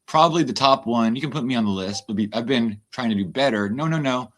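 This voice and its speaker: A man's voice: medium pitch, fast talker. A man ranting and swearing on a livestream, chatting loosely with his viewers. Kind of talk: livestream rant.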